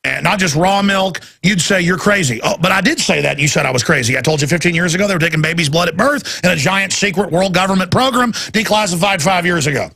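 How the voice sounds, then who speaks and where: A man's voice: high-pitched, fast talker, gravelly, hardly any pauses, sharp tone, husky. A man hosting a talk radio show, ranting emphatically in a heated monologue and taking callers. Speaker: radio host.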